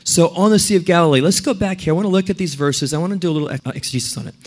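A man who is a pastor, preaching a sermon and telling stories in an animated, emphatic way. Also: high voice, racing.

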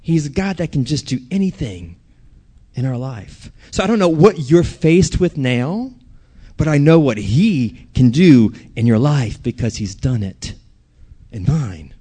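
A man's voice: medium pitch, expressive, a little slow, dark tone, slightly rough. A man preaching a sermon, telling a personal story and asking the audience questions.

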